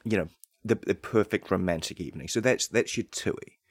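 A young man hosting a comedic podcast, rambling through deadpan absurd asides that turn excitable. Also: low-pitched, moderate pace, no echo. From New Zealand. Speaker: podcast host.

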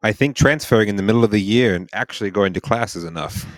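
A young actor playing a teasing family friend in a radio drama. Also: male voice, lowish voice, quick pace, close to an everyday voice. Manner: teasing, laughing.

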